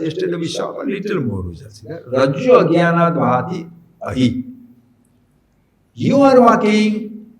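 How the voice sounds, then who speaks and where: Male spiritual teacher, slightly high voice, echoey room, animated questioning delivery. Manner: animated, rhetorical questions to listeners. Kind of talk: spiritual discourse.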